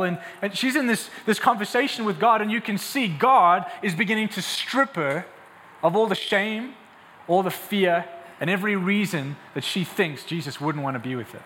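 Guy preaching a sermon, acts out the dialogue, kinda high voice, faint room hum. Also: normal speed, hardly any pauses. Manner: retells scripture in lively acted-out dialogue. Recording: long hall reverb, faint ambience.

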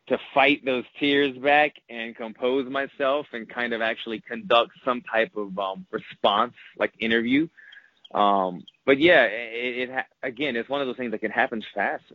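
A man's voice: on the low side, dry recording. A retired fighter telling an emotional story in a casual interview, rambling and repeating words as he goes. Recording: muffled lo-fi audio.

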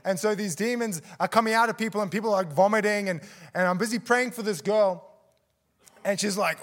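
A man's voice: sits high, fairly quick. A man preaching in a church service, telling a story and acting out the people in it with gasps and laughs. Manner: animated, acts out quotes with gasps and laughs. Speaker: guest preacher. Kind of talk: sermon storytelling.

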